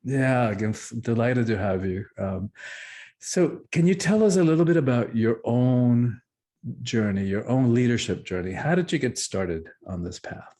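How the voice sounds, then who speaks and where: A man hosts an interview show, delivering a smooth, formal scripted welcome before turning to his guest with questions. His voice sits in an ordinary middle register. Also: mid-range voice, animated, unhurried, warm tone. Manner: polished, formal introductions. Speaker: host.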